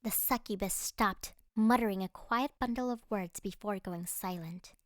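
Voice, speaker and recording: A woman narrating a first-person fantasy audiobook in an expressive, dramatic way. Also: mid-range voice, normal speed, no echo, clean studio sound.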